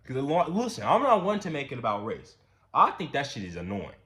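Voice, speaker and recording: A man rants in loose, profane commentary, his voice swooping up and down as he circles back over the same points. He pushes into near-shouts when he gets heated, then drops low and muttering again. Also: brisk. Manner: animated, repetitive, profane, rising to near-shouts when worked up. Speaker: commentary channel host. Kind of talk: casual ranting commentary.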